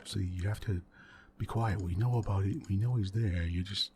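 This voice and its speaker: A calm male co-pilot , voiced by a deep-voiced man, speaks in a low, hushed, reassuring tone. The delivery stays soft-spoken, with faint noise in the background. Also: normal speed. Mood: hushing. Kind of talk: soft-spoken ASMR retelling.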